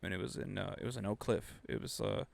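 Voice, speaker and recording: A man co-hosting a casual chat show, telling a work story in an animated, profane way. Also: lowish voice, quick pace, vocal fry, dry recording. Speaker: podcast co-host.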